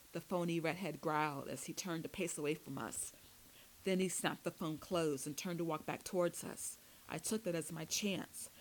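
Lady reading a first-person audiobook, steady storytelling, kinda low voice. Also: slight background noise, rough recording. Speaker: audiobook narrator.

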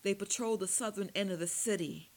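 A woman's voice: mid-range voice, fairly quick, darkish tone, close to an everyday voice. A woman voicing a captured male vampire who screams, snarls and wheezes under torture. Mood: wheezing threat. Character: captured male vampire, defiant then terrified.

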